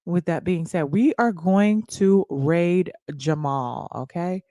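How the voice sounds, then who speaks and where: A woman hosting a casual livestream, talking to her viewers in a loud, playful, hyped way and swearing freely. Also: on the low side, slow, dry recording, studio quality. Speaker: livestream host.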